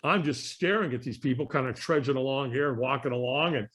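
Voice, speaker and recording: A man telling an animated story as a guest on an interview podcast, acting out the voices of people in it. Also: medium pitch, fast.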